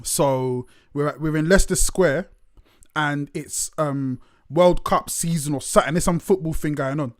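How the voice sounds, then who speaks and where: A man's voice: a little high, normal speed, no room sound, studio quality. Laid-back chatty man. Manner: chatty, laughs easily, swears freely. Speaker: podcast co-host. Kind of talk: casual chat.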